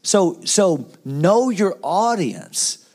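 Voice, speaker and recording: A pastor in a round-table discussion on preaching, talking in an animated way with rhetorical questions and frequent restarts. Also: male voice, high voice, very slow.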